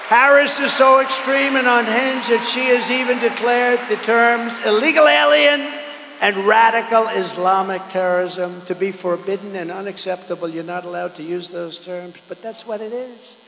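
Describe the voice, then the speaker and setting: An older man giving a campaign rally speech, rambling and repetitive, swinging between loud declarations and low asides. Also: vocal fry, a little hiss or hum. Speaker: political candidate at a rally. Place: large outdoor or arena rally. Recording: echoey hall with long reverb.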